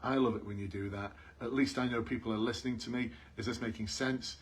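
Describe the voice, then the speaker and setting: A man's voice: medium pitch, fairly even intonation, fast talker, breathy edge. A man coaching police job applicants on a live stream, earnest and repetitive, calling out to his viewers. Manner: earnest, repeats key points, calls out to viewers.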